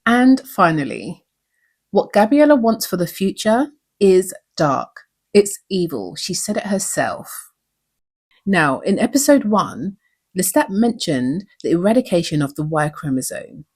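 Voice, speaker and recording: A woman's voice: fairly low pitch, sing-song, a little slow, darkish tone, husky. A woman hosting her own channel, breaking down a TV episode with earnest emotion and many rhetorical questions. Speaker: YouTube show recap host.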